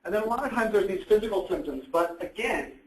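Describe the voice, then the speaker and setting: A man gives a relaxed, conversational presentation, posing questions to his listeners and answering them himself. His voice sits a little high. The sound carries the echo of a roomy hall. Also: fast talker. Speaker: presenter on psychiatric issues. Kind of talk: educational presentation. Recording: echoey room.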